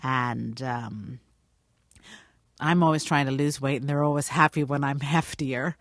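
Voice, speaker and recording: A woman's voice: rumbling low, unhurried, no room sound, studio quality. A woman, an actress, telling stories in an interview and acting out the people she quotes. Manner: animated storyteller, acts out quotes. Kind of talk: radio interview.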